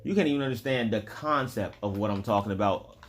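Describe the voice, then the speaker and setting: A man's voice: on the low side, fast, a little hiss or hum. A man talking straight to his viewers in a loose, digressive monologue, often restarting and chuckling between points. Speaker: vlogger. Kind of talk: casual rambling monologue.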